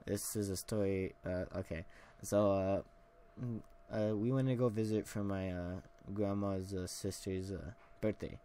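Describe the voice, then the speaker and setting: A man's voice: lowish voice, fairly even intonation, measured pace, warm tone, clean tone. A young man hosting a solo podcast, telling a long casual story with many fillers and restarts. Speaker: podcast host.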